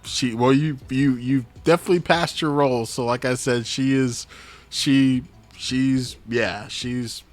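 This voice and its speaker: A man's voice: medium pitch, fairly even intonation, measured pace, soft background music. A man acting as game master, narrating a tabletop game to the players with chuckling asides. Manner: addresses players in second person, chuckling asides.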